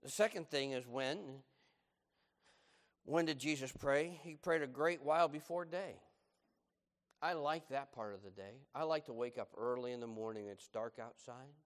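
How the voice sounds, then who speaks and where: A middle-aged man preaching a sermon, swinging from loud, animated emphasis to hushed, low tones. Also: moderate pace, long reverb tail. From United States. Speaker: pastor.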